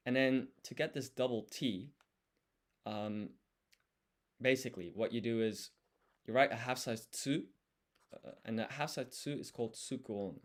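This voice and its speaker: A man studying on a livestream, thinking aloud and explaining each step as he writes. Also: mid-range voice. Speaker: language learner.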